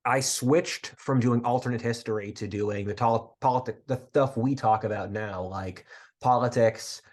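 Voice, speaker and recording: A man in his twenties from the area outside Philadelphia, USA, speaks in a mid-range, slightly mellow voice at a moderate pace. He's a podcast guest in a casual interview, talking earnestly and wandering off into long rambling tangents.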